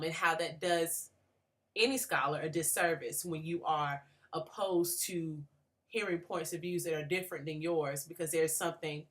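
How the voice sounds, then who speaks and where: Young woman from atlanta talking through a book, low voice, lots of ums. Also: a bit bright. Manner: thoughtful, many fillers and restarts. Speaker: graduate student. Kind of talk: reflective book response.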